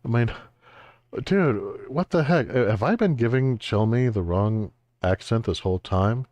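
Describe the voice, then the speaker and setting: A man's voice: medium pitch, expressive, a little slow, darkish tone, no room sound. A man streaming a video game, giving wry, joking commentary with exaggerated exclamations. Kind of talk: let's-play commentary.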